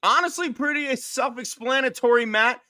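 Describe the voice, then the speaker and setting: A man's voice: very high voice, moderate pace, bright, forceful tone, dry recording. A man hosting a podcast, chatting casually and running through playful, teasing rants. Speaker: podcast host.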